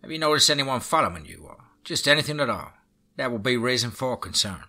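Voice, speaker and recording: A man's voice: mid-range voice, very animated, fast, voice pushed up, heavily acted. A man voicing a blunt, wary Southern pawn shop clerk with a Southern accent, matter-of-fact in tone. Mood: hushed. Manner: matter-of-fact, drops to a hushed tone.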